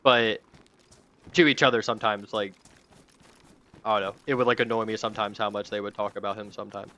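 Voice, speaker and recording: A young man chats loosely while gaming, leaning on fillers and dropping swear words as he goes. His voice has a bright, forward edge. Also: on the low side, steady tone, a little fast. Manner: rambling, filler-heavy, swears freely. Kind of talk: casual chat while gaming.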